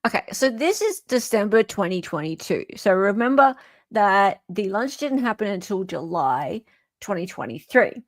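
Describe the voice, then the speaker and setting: An Australian woman hosting a casual commentary show, chatty and animated, with the odd swear word thrown in. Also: medium pitch, moderate pace, no echo, studio quality. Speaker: host.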